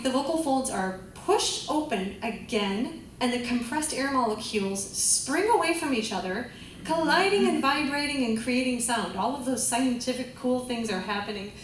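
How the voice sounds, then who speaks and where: A woman's voice: high voice, lively intonation, normal speed, a little hiss or hum. A woman vocal coach teaching a group class, chatty and enthusiastic, often laughing. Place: large room with a class. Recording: echoey room, voice from a distance.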